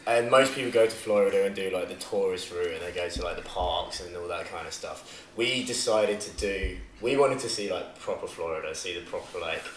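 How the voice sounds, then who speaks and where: A man's voice: deep voice, a little fast, few pauses. A young British man, a podcast guest, telling a story in casual chat, rambling and laughing, full of fillers. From Britain. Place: living room at home. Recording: echoey room with noise.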